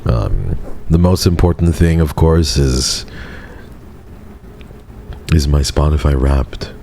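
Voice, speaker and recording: Male streamer with a very deep, dark voice, soft and flat, easing a sore throat. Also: takes it slowly, creaky, slight background noise. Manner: soft-spoken and subdued, flat monotone delivery. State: sore throat, speaking gently to spare it. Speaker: VTuber streamer. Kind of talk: casual livestream chat.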